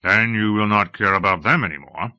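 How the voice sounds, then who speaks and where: A man voicing a bold, gruff male Norse raider chief in an audiobook reading, speaking deliberately. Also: on the low side, bright, forceful tone, dry recording. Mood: commanding.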